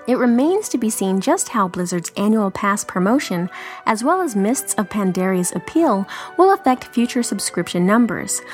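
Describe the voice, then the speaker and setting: A woman podcast co-host reading a news article aloud, steady with joking asides. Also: medium pitch.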